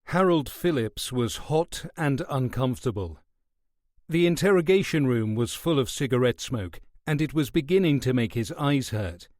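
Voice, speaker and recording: A man giving scripted audiobook narration in an expressive storytelling manner. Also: mid-range voice, normal speed, dry recording, clean studio sound.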